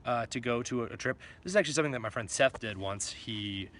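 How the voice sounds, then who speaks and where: A man's voice: medium pitch, quick pace, a bit bright. A man from Florida talking to camera in a casual vlog, rambling and joking at himself. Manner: rambling, self-mocking, laughs between thoughts. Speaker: vlogger.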